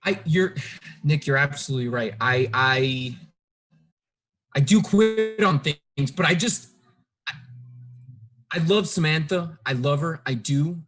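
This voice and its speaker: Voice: mid-range voice, lively intonation, measured pace, long pauses, fairly bright tone. An improv performer playing a panicking, stammering newlywed young man in a comedy scene. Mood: panicked.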